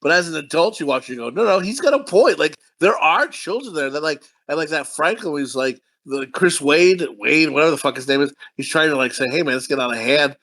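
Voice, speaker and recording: Podcast co-host: raised, gravelly male voice, bright tone, rambling profane storyteller. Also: on the high side, brisk, few pauses. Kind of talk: casual movie review chat.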